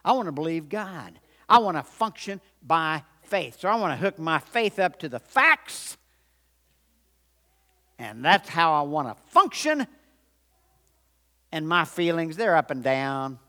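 A man pastor delivers a sermon in a fairly high, bright voice. He talks slowly and with emphasis, repeating lines and calling on the congregation to answer. A long reverb from a large auditorium hangs behind every phrase. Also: very animated. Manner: emphatic, repetitive, call-and-response with the congregation.

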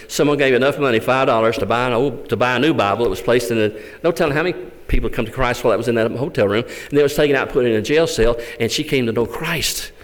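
A man, a visiting Gideon speaker giving a fervent testimony sermon in a church. He tells the story with big swings between loud and hushed. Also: medium pitch. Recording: echoey hall.

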